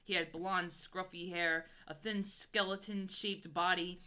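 Woman streamer reading a dumb book out loud, bright clear voice, keeps giggling. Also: on the low side, steady tone, measured pace. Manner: reads steadily, breaking into giggles. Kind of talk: reading aloud with joking commentary.

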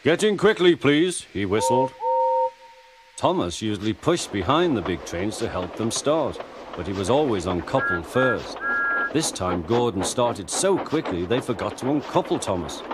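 A man narrating a children's story in a gentle, expressive way. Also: lowish voice, moderate pace, very noisy.

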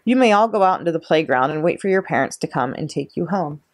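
A woman voicing a kind, gentle young female teacher who speaks calmly and reassuringly in a storybook reading. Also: sits low, quick pace.

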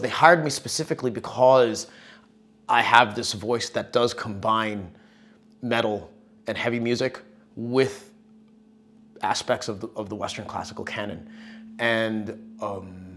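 A musician telling stories in a casual interview, rambling and profane, with lots of fillers. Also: male voice, fairly low pitch, a bit bright. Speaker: musician guest.

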